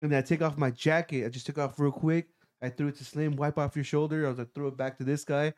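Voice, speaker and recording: High-voiced man swearing through a story. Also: fast talker. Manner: profane, animated, laughs while telling. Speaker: driver telling the story. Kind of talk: casual storytelling among friends.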